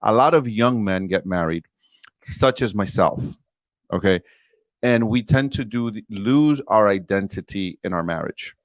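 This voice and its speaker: A man's voice: fairly low pitch, expressive, measured pace, no room sound. A man in his forties, a podcast guest, telling a personal story in an earnest, emphatic way and speaking directly to the host. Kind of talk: candid storytelling interview.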